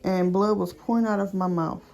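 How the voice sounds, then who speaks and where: A woman being interviewed on a recording, recounting events in a halting, plain-spoken way. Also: medium pitch, steady tone, darkish tone, rough recording.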